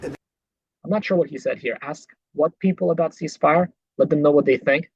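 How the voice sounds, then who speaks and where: Podcast host ranting back at clips, sarcastic, kinda husky, flat lo-fi dry audio. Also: medium pitch, moderate pace, no echo. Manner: indignant, sarcastic rebuttals. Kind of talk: political commentary over clips. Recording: dull lo-fi dry recording.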